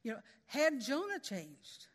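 A woman's voice: high-pitched, huge pitch swings, a little slow, long reverb tail. A woman preaching a sermon in a folksy, conversational way, with storytelling asides.

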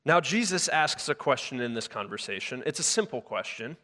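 A man's voice: medium pitch, very animated, normal speed, sharp tone. A male pastor delivering a sermon in a conversational way, often restarting his sentences and using filler words. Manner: conversational with frequent filler words and self-corrections. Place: church sanctuary with a live congregation. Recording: long hall reverb.

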